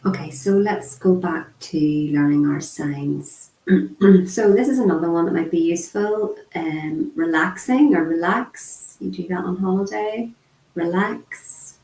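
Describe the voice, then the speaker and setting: A woman voicing a casual online sign language lesson, chatty and unhurried, with frequent ums. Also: lowish voice, mellow. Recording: echoey room.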